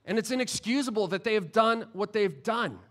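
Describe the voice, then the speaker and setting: Man, pastor, sermon, slightly high voice, chatty, humorous, frequent restarts. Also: expressive, fairly quick, a bit bright.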